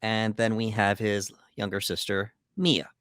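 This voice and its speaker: A man co-hosting a podcast, recapping a movie plot in an unhurried way with frequent "uh" and "um". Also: lowish voice, little pitch movement, fairly bright tone, no echo, clean studio sound. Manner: measured recapping with fillers like uh and um. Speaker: podcast co-host.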